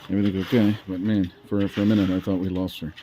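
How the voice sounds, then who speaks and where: Deep-voiced man rambling with many fillers. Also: level tone, fast, dark tone, a little hiss or hum. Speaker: vlogger. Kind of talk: casual rambling chat.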